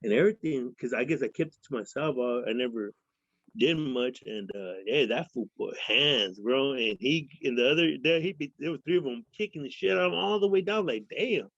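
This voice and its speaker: A man's voice: medium pitch, lively intonation, brisk, a bit bright, no echo. A man from Fresno, a guest in a casual interview, telling rambling profane stories and acting out other people's voices. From Fresno, California. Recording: dull lo-fi sound.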